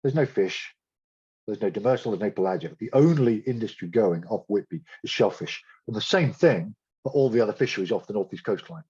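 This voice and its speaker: Husky, low-voiced male lecturer, blunt and sardonic, on a dull lo-fi recording. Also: animated, a little fast, a little mellow. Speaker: guest speaker. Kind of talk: public science talk.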